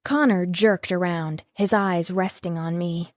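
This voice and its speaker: A woman's voice: lowish voice, steady tone, unhurried, darkish tone, dry recording, studio quality. A woman reading a first-person novel as an audiobook narrator, with an emotive reading style.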